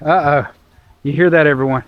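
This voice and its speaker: A man's voice: a little high, fairly even intonation, fairly quick, lo-fi sound. A man in his forties chatting casually to viewers on a handheld camera as he hikes a windy hilltop trail above a cove. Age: 40s. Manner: chatty, addresses viewers while hiking. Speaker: travel vlogger. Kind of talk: casual vlog chat to camera. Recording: outdoor wind noise on the mic. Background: gusting wind.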